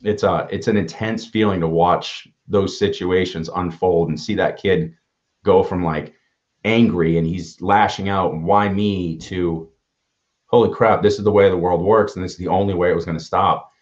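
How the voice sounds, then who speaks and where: A man's voice: deep voice, fairly even intonation, normal speed, darkish tone. A man who speaks at schools, telling stories in a casual conversation, earnest and often restarting his sentences as he acts out what people said. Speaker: motivational speaker. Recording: dull lo-fi sound.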